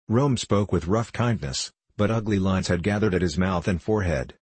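A man narrating a novel aloud in a measured, unhurried storytelling manner. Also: low-pitched, a little mellow, breathy edge, no room sound. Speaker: audiobook narrator.

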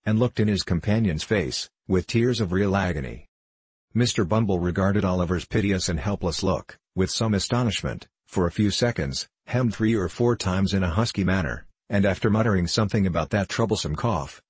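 Deep husky guy reading an old novel audiobook, dry close mic. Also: no echo. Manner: measured, even reading. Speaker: narrator. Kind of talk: audiobook narration of a classic novel.

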